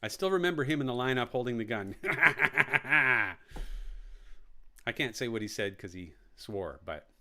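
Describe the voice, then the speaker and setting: A quiz host with a medium-pitched voice speaks fast with few pauses while running a live online quiz. He reads out the questions and answer options, then repeats them with jokey asides.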